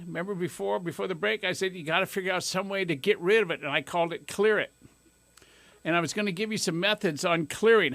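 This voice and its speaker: A man in his fifties hosts a call-in advice show. His voice is a little high and gravelly, recorded close and dry. He coaxes and jokes as he acts out replies for his callers. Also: a bit bright, no echo. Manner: folksy, coaxing, acts out sample replies. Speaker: radio talk show host. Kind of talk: coaching call-in talk.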